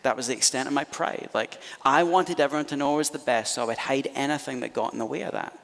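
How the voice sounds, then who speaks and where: A Scottish man preaching as a pastor, telling stories in an animated, self-deprecating way in a church auditorium. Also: medium pitch, quick pace, creaky. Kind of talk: storytelling sermon. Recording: reverberant church hall.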